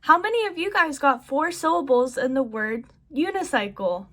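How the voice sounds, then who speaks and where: A woman teaching a children's lesson, slowly modeling words and praising the listener. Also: sits high, animated, sharp tone. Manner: slow, encouraging, modeling words for kids.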